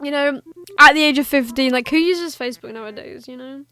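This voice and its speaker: A woman's voice: high voice, fairly quick, pushed and bright. A woman gaming streamer making casual, chatty, giggly asides during a let's-play.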